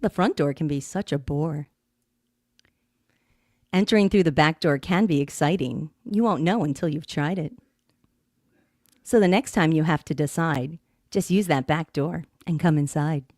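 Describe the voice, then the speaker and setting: A woman's voice: low voice, normal speed, long pauses, a little mellow, no echo, clean studio sound. A woman co-hosting a podcast, reading listener-sent comic poems and breaking into laughter often. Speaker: podcast co-host.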